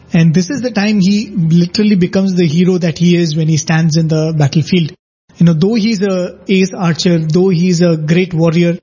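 A man's voice: high voice, warm tone, breathy edge, lo-fi sound. A man in a devotional discussion, explaining episodes at length with frequent asides.

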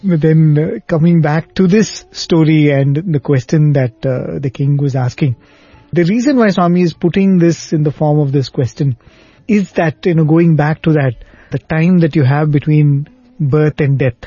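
Mellow husky man hosting a talk. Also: on the high side, normal speed, no room sound, muffled recording. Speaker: host. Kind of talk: conversational talk show.

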